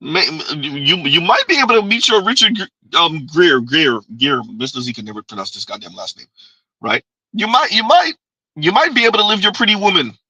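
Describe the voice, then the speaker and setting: A man with a bright, sharp voice that carries a husky edge. He hosts a commentary show and drops teasing, sardonic asides between clips. The sound is close and dry. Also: a little high, sing-song, normal speed, no room sound, highs cut off. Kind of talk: reacting to clips.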